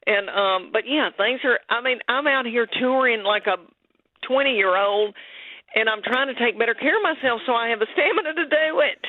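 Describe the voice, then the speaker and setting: A woman's voice: fairly high pitch, moderate pace, dry recording, narrow, tinny audio. A middle-aged woman with a thick Southern American accent, a comedian chatting as a radio guest in a folksy way, calling people honey and darling. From Southern United States. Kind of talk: radio interview chat.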